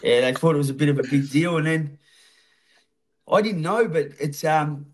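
A man's voice: fairly high pitch, normal speed, very noisy. An Australian man telling stories casually as a podcast guest, swearing freely. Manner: swears freely, laid-back. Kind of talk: casual storytelling.

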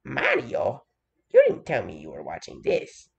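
A woman doing Luigi as a mellow younger plumber brother in a homemade skit. He drops well below her own voice and speaks slowly, a little deadpan. There is a gravelly edge. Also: rumbling low, muffled recording, voice pushed down, full character voice. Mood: puzzled.

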